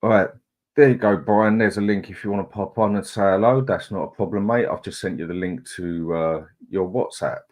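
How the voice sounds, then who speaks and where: A man's voice: deep voice, fairly quick, darkish tone. A middle-aged man, hosting a casual live chat, greeting viewers in a chatty, laid-back way. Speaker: livestream host.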